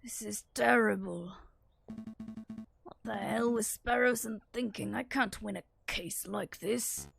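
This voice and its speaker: A woman's voice: medium pitch, unhurried, vocal fry, a bit bright. A woman streamer reading game dialogue aloud in character, laughing along, faint game music behind.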